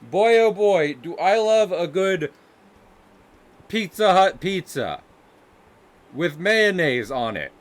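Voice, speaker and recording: A man's voice: high voice, sing-song, slow, pauses often, voice pushed up, full character voice. A man voicing a folksy American man who fears spicy food, in a put-on Southern accent with an exaggerated cheery drawl.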